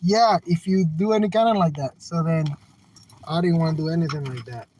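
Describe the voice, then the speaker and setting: A man's voice: on the high side, fairly quick, darkish tone, a little hiss or hum, low-quality recording. A man streaming casual chat from his car while driving, talking in a rambling, repetitive, earnest and folksy way. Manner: folksy and slangy. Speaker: live streamer. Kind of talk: casual livestream chat, reading out viewer comments.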